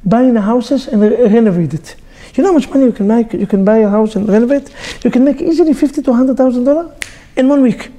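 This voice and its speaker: Man, rabbi giving a lively class, mellow warm tone, joking storyteller. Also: extremely high pitch, quick pace. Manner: animated storyteller, joking, with sound effects. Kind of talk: lively sermon to a live group.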